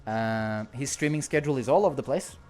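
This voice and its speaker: A man's voice: medium pitch, brisk, a little mellow, faint music behind. A man with a non-native English accent chatting casually on a livestream, rambling, joking and laughing often. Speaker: streamer.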